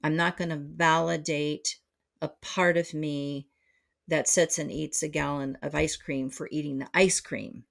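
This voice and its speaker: A woman's voice: sits low, gravelly. A middle-aged woman speaking as a psychotherapist guest on a podcast, reflective and full of fillers and restarts. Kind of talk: conversational podcast interview.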